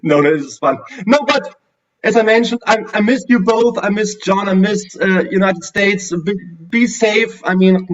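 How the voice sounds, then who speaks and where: A German-accented man with a fairly high voice, talking casually over a video call. He comes through distant and dull, like lo-fi audio from across the room, and he often restarts his sentences with many fillers. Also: moderate pace. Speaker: guest streamer.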